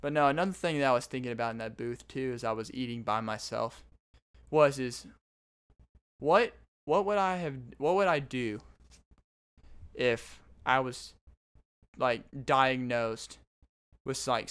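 Rambling young man with a smooth voice. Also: medium pitch, fairly bright tone. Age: 20s. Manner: rambling, self-interrupting storyteller. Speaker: podcast host. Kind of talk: casual solo monologue.

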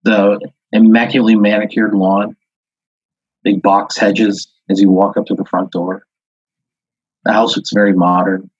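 Rambling low-voiced husky man narrating. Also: little pitch movement, a little slow, long pauses, no room sound. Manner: rambling, full of "like" and "uh" fillers. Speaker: podcast host. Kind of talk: second-person improvised storytelling. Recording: dull lo-fi audio.

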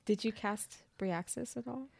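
A woman's voice: a little high, a little slow, vocal fry, crowd noise. A young woman co-hosting a casual book podcast, laid-back as she recaps the plot. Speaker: podcast co-host.

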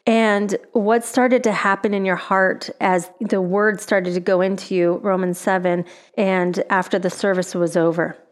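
A woman's voice: mid-range voice, steady tone, unhurried. A woman interviewing a guest about his faith, affirming and preacherly.

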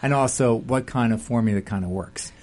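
A man's voice: medium pitch, fairly quick, a little hiss or hum. A man hosting a live radio talk show, chatty and jokey, reading a piece aloud and interviewing a guest. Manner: chatty, jokey, animated asides.

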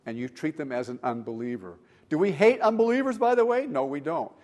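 A man preaching a sermon in church as pastor, animated, swinging between loud emphasis and quiet asides. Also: fairly high pitch, brisk.

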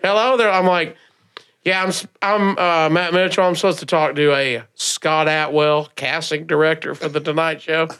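A comedian from Alabama with a Southern accent tells stories on a podcast. His voice sits a little high for a man. He talks in a loose, lively way and laughs often as he acts out what others said. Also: normal speed, smooth. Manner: animated, laughing through stories, acting out others' lines. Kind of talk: casual storytelling.

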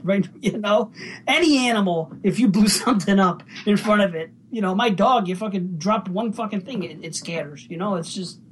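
A woman's voice: mid-range voice, slight background noise. Blunt, profane woman chatting. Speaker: podcast co-host. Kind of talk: casual chat.

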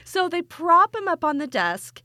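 A woman's voice: extremely high pitch, measured pace, no room sound. Giggly woman co-host, dry close sound. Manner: giggly, animated storyteller. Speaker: podcast co-host. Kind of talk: casual chat.

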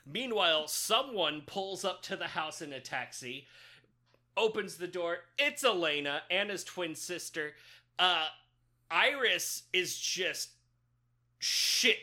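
A woman's voice: on the low side, animated, slow, pushed and bright. A woman co-hosting a podcast, recapping a film in casual, profane, joking chat and laughing often. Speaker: podcast co-host.

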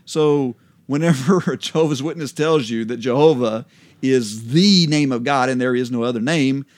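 A man co-hosting a casual Bible study chat, relaxed and laughing often as he explains. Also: medium pitch, moderate pace. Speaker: co-host.

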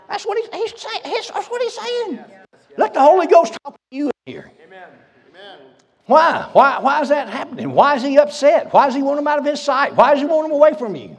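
A high-voiced man preaches in a church, his pitch leaping all over and his voice gravelly. He is folksy and fiery and breaks into laughs, and the sound rings out in the long reverb of the hall. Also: very animated, moderate pace. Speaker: pastor. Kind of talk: preaching a sermon.

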